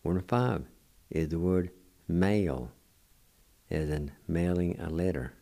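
Slow, gravelly low-voiced older man. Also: warm tone. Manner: spells letter by letter, repeats words slowly. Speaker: radio host teaching language. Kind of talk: slow spelling and pronunciation lesson.

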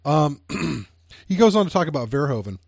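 A man's voice: on the high side, sing-song, moderate pace, vocal fry, darkish tone, no room sound, clean studio sound. A man co-hosting a film podcast, chatting casually and reading review quotes aloud with hesitant restarts. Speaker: podcast co-host.

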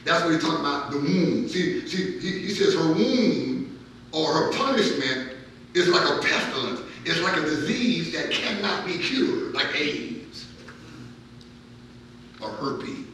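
A pastor delivers a Bible-study sermon in a fairly high voice, doubling his words and swelling into near-shouts. He is recorded from a distance in a church hall with heavy echo and a faint hiss behind him. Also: big pitch swings, a little slow. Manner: emphatic, repeats words, builds to near-shouts. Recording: very echoey room, mic far off.

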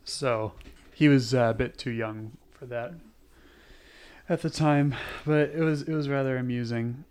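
A young man co-hosts a podcast in loose, casual chat. His mid-pitched voice wanders through asides and restarts. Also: unhurried, darkish tone, smooth. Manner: rambling, full of "like" and restarts. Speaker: podcast co-host.

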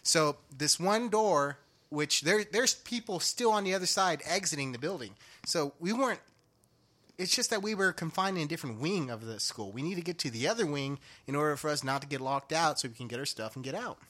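Animated young man with a bright voice. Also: on the high side, a little fast. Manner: animated, laughs often, heavy swearing. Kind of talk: casual storytelling chat.

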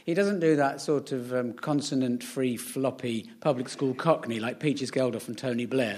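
A man's voice: mid-range voice, moderate pace, hardly any pauses, darkish tone. A man on a comedy panel, ranting in a mocking way and mimicking posh voices. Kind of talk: comic rant.

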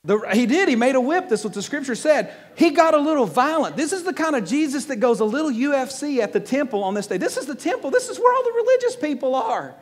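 A man preaches to a congregation with an animated, joking delivery, often stumbling over and repeating words. His voice sits high for a man. The sound carries a long reverb from the hall. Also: fast talker, hardly any pauses. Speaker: pastor. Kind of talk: sermon. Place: church hall with audience.

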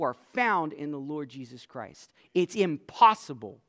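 A man preaching a sermon as pastor. His voice drops to a hush and then swells into loud, emphatic lines. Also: fairly high pitch, big pitch swings. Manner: swings from soft, hushed lines to loud emphatic declarations; slow and deliberate, stretching out scripture lines.

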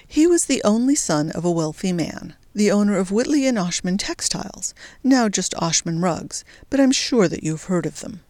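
A woman voicing a brisk, sly young woman in mourning who speaks prim and matter-of-fact. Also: mid-range voice, lively intonation, a little mellow, dry recording, natural voice.

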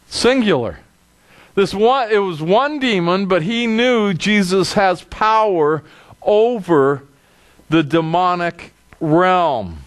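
A male pastor preaching a sermon with emphatic, dramatic delivery. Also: takes it slowly. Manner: animated, emphatic, dramatic drops to a low voice.

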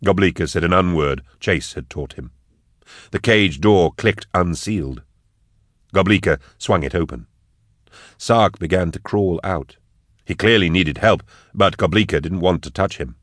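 A man narrating a story in a steady, measured reading. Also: low-pitched, dry recording, studio quality. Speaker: audiobook narrator. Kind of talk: scripted narration.

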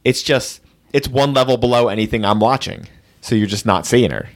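A man's voice: medium pitch, a little fast. A man hosting a casual movie commentary podcast, joking and laughing often. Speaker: podcast host.

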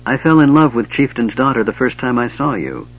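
A man voicing a stern, proud male plainsman warrior who speaks in a hushed, tender, formal way, in a dull lo-fi recording. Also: mid-range voice, very animated, brisk.

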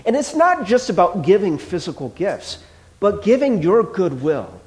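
A man's voice: sits high, very animated, moderate pace. A man preaching a sermon as pastor, chatty and playful, acting out little dialogues with the congregation.

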